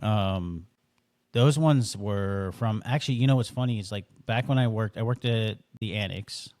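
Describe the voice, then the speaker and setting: A man's voice: on the low side, normal speed, a little mellow, no room sound. A man co-hosting a podcast in casual chat, laid-back and hesitant, with many fillers. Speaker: podcast co-host.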